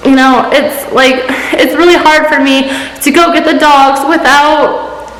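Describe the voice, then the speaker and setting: A young woman vlogging a personal confession, talking in a halting, emotional way with many restarts. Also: high-pitched, steady tone, fairly bright tone, slight background noise. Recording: echoey room with long reverb.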